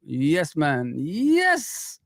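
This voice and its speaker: A man's voice: on the high side, wildly swooping pitch, extremely slow, vocal fry, dry recording, studio quality. A young adult man hosting a fan live stream, hyped and exclamatory, repeating words for emphasis. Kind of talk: excited live-stream chat.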